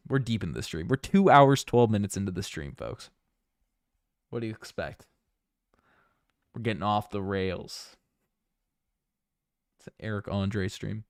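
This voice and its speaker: A Newfoundland man hosts a basketball channel livestream, chatting casually in a rambling, jokey way and often repeating his own phrases. His voice is on the low side with a darkish tone, captured in studio quality without echo.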